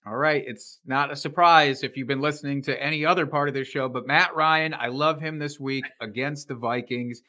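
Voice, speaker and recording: A man's voice: medium pitch, fairly even intonation, normal speed, few pauses, pushed and bright. A man co-hosting a podcast, joking and swearing casually while discussing football. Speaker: podcast co-host. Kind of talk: casual sports betting chat.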